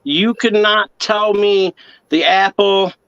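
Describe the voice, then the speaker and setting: A man in casual chat, speaking haltingly and repeating words as he agrees. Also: sits high, steady tone, creaky, fairly bright tone, clean tone, dry recording. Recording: dry, dull lo-fi sound.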